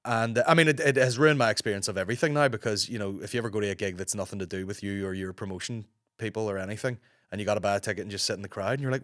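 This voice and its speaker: A Northern Irish man in his thirties, a podcast host with a hoarse, gruff voice, telling rambling stories in casual chat, swearing freely. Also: lowish voice, very fast, fairly bright tone, no echo, clean studio sound. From Northern Ireland. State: hoarse from a sore throat.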